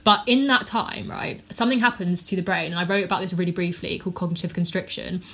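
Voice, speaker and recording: A young woman, a podcast guest talking candidly and animatedly, with lots of "like" and quick tangents. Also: lowish voice, vocal fry. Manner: animated, fast-talking, heavy use of "like". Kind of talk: candid conversational storytelling.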